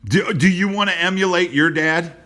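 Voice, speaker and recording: A man hosting a motivational rant to camera, blunt and preachy, repeating himself, dropping low and quiet on personal points. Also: moderate pace. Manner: blunt and preachy, repeats phrases, many restarts. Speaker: host.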